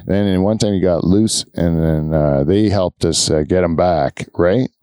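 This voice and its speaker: A man's voice: deep voice, measured pace, mellow, clean tone, no room sound, studio quality. A man hosting a podcast, telling rambling stories in casual chat, with lots of fillers and laughs. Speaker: podcast host.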